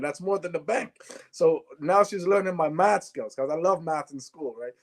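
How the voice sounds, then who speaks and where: On the show, this former sprinter from Canada turned businessman recounts stories at a moderate pace, his voice on the high side. He gets animated and performs the dialogue.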